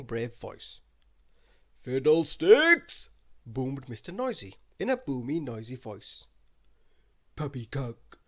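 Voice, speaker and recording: A man reading a bedtime story aloud in an expressive, lively way. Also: mid-range voice, breathy edge.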